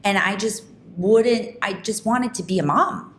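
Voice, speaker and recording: A woman hosting a podcast, telling a personal story in an animated, emphatic way, with quick restarts. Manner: animated, fast talking with frequent restarts; emphatic, rising pitch when indignant. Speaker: podcast host.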